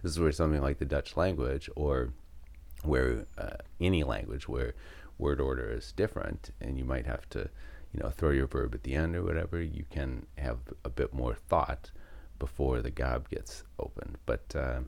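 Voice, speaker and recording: A man co-hosting a casual podcast, thoughtful and dry, pausing with ums while he builds a thought. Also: rumbling low, creaky, darkish tone. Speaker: podcast co-host. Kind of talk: casual unscripted chat. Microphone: podcast mic, speaking a bit far from it.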